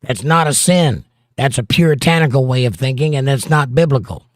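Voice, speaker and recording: A man's voice: mid-range voice, lively intonation, fairly quick, no echo, clean studio sound. A middle-aged man with a Southern accent, hosting a livestream and joking as he reads viewer comments aloud. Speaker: livestream host. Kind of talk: casual chat.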